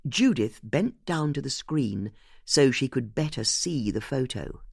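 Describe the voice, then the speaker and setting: An audiobook narrator reading a mystery in an expressive way. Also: medium pitch, measured pace, creaky, breathy edge, no echo, studio quality.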